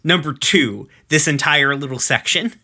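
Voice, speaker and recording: A man in his thirties talks loosely through an episode recap, and his voice has a bright, forceful edge. He rambles and swears freely, with plenty of fillers and restarts. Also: on the high side, moderate pace, slightly rough. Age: 30s. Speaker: podcast host recapping episodes. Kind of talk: casual chat.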